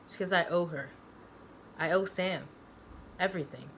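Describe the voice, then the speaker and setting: A brash young male patient of a psych ward, cocky and full of slang, as a woman reads him aloud from her own novel. The voice sits fairly low and stays close to her everyday tone. A faint hiss of noise runs underneath. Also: normal speed, creaky. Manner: cocky, slangy, calls people dude and man.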